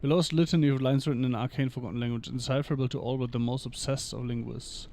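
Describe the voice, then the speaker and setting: A man streaming a video game, reading in-game lore texts aloud in an even manner and dropping dry short asides between passages. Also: mid-range voice, quick pace, slight background noise.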